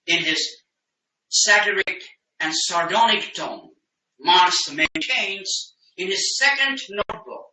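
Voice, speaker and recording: Sharp-voiced man lecturing from afar. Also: high voice. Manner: emphatic, dense academic phrasing with frequent restarts. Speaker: professor giving a lecture. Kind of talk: academic lecture. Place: lecture room. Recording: roomy, distant mic in a lecture room.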